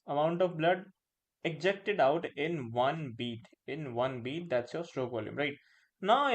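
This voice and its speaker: A man with an Indian English accent giving a live online pharmacology lecture, repeating phrases, tagging lines with "right?" and slipping in Hindi words. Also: on the high side. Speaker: pharmacology teacher.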